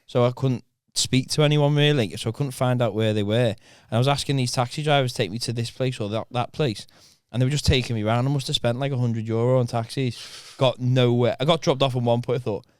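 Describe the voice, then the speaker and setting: A man's voice: medium pitch, fairly even intonation, fairly quick, hardly any pauses, a little mellow, smooth, no echo, studio quality. A man co-hosting a podcast, telling a rambling story in casual chat, correcting himself and swearing. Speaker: podcast co-host.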